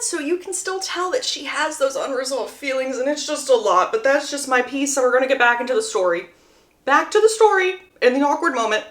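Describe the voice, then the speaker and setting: A young woman with a somewhat high voice tells a book's story as a lively, chatty recap, and she keeps stopping to gush about the scenes. Her voice rings a little in a roomy, echoey space. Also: a little fast. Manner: animated, gushing storyteller who breaks off to give opinions. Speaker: book recap creator. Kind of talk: chatty book plot recap.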